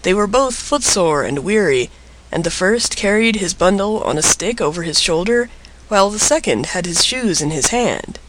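A man narrates a storybook tale with an expressive, lilting delivery. His voice sits high and ranges widely, keeping every sentence animated. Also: moderate pace, poor audio.

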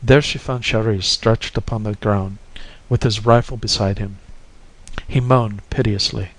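Guy reading an old story aloud, steady and expressive, dry close mic. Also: fairly low pitch, measured pace, no echo, low-quality recording. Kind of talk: audiobook narration of a classic story.

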